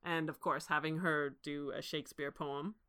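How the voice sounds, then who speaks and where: A woman co-hosting a casual film discussion, talking in an animated way with restarts and laughs. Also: sits low, normal speed, clear, resonant tone. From Canada. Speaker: podcast co-host.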